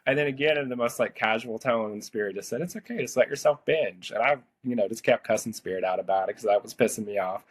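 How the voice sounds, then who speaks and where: A man's voice: lowish voice, fast, few pauses. A man around thirty, a podcast host, telling a personal story in casual, rambling talk full of "like". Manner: chatty, rambling, heavy use of "like".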